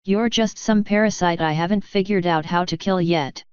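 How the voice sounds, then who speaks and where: A woman's voice: fairly low pitch, normal speed, a little mellow, smooth, no room sound, lo-fi sound, natural voice. A woman reading an angry young unicorn mare. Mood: defiant. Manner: tense, defiant, emphatic. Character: young female unicorn scholar, angry and defiant.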